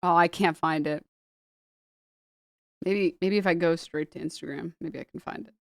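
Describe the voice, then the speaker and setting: A woman's voice: lowish voice, steady tone, normal speed, no echo, clean studio sound. A woman streamer chatting casually, reading posts aloud and swearing a lot as she laughs.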